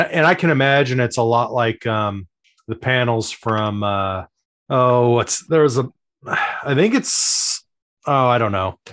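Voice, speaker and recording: A man's voice: medium pitch, a bit bright. Hesitant man in casual podcast chat. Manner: hesitant, searching for words. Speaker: podcast co-host.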